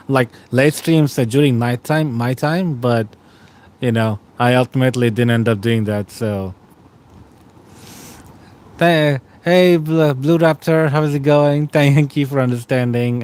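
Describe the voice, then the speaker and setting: Man, thirties, from Australia, tired, lying in bed, relaxed rambling stream chat, mid pitch. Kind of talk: casual chat with viewers.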